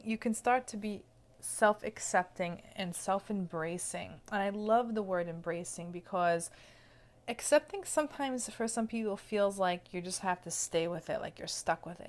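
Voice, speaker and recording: A woman speaking as a self-love coach, explaining in a gentle, casual teaching manner and often checking in with the listener. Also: medium pitch, animated, normal speed.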